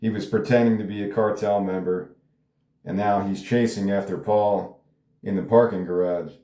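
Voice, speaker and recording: Casual male writer reading his script; low, mellow voice, echoey room. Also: steady tone, moderate pace. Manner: rambling, casual, swears. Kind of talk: table read with commentary. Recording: roomy echo.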